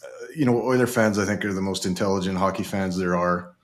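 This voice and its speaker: Deep-voiced man hosting a podcast. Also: a little fast. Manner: relaxed, hesitant, many fillers. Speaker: podcast host. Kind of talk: casual podcast chat.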